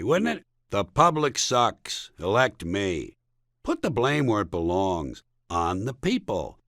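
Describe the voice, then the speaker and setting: Sardonic American man, lively comic reading. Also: medium pitch, dry recording, studio quality. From United States. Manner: sardonic, mocking, punchy delivery. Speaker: comedian reading his own book.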